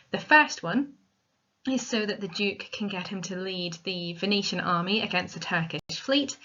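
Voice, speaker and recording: A woman's voice: mid-range voice, bright, forceful tone. Woman teaching a literature lesson, muffled sound. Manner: clear, methodical explaining. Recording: dull lo-fi recording.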